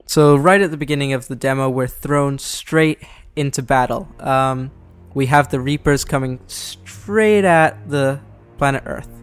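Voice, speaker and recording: A man's voice: mid-range voice, unhurried, clean tone, soft background music. A man giving casual, analytical commentary over game footage, talking loosely and correcting himself. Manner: chatty, analytical, self-correcting. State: out of breath. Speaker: gameplay commentator.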